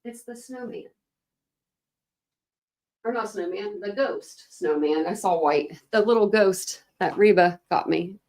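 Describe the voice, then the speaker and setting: Chatty woman with a gravelly voice. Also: mid-range voice, a little slow, long pauses, a little mellow. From United States. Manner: chatty and rambling, with frequent laughs and fillers. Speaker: true crime livestream host. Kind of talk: casual livestream chat with viewers. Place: home room. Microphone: desk camera setup.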